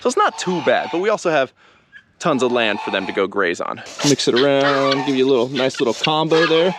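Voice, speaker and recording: A man's voice: mid-range voice, lively intonation, a little fast. Chatty man on a noisy farm. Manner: chatty, talks to his animals in a playful voice. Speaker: farm vlogger. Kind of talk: casual vlog chat. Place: outdoors on a farm with animals. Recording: loud background noise with farm animals.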